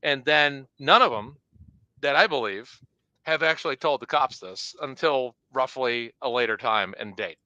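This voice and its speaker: A man co-hosting a casual podcast, recapping testimony in an animated, exasperated way. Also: mid-range voice, measured pace, no echo, muffled recording. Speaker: co-host recapping trial testimony.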